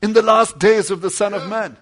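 A man preaching a sermon, telling a story with dramatic swings between loud declamation and hushed low passages, acting out the lines of the people in it. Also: steady tone, a little fast. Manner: acts out quoted dialogue within the story.

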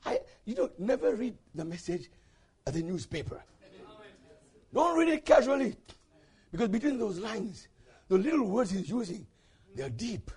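A man preaching a sermon with passion, swinging from shouted peaks to hushed low passages and calling out questions to the congregation. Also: sing-song, moderate pace, long pauses, breathy edge.

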